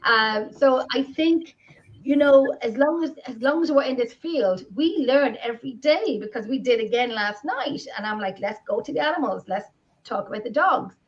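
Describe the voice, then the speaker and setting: A high-pitched Irish woman with lively intonation co-hosts a live video podcast at normal speed. She rambles casually and keeps restarting, and the video-call audio sounds dull.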